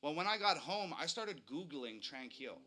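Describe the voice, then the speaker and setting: A man's voice: a little high, very animated, normal speed. A man telling a dramatic first-person ghost story, building tension as he goes. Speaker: storyteller recounting a ghost encounter.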